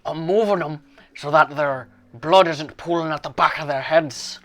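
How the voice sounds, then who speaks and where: Insistent, slightly high-voiced man player. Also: moderate pace, fairly bright tone. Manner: insistent, argues his case. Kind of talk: casual role-play chat.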